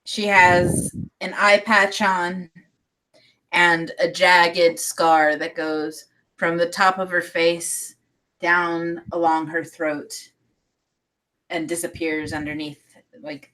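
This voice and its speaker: A woman game master giving unhurried scene descriptions, with fillers between phrases. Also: on the low side, flat delivery, fairly bright tone, poor audio.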